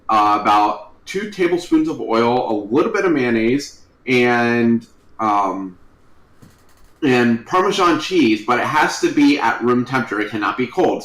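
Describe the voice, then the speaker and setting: A man playing a tabletop game, speaking in a hesitant, deliberate way. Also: mid-range voice, fairly bright tone, echoey room, low-quality recording. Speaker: player.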